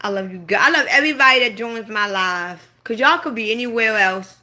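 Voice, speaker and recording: A woman's voice: a little high, brisk. A woman telling a long, profane, emphatic story to viewers on a late-night live stream from her phone. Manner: profane, emphatic, animated ranting. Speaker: livestreamer.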